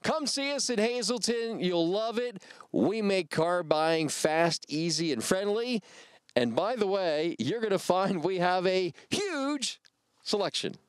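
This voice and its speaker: A man delivers a car dealership pitch, leaning hard on slogans and stretching them out. His voice is high for a man and swings widely. The sound is close and dry. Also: expressive, clean tone, no room sound. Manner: emphatic salesy delivery, drawn-out slogans. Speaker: commercial spokesman.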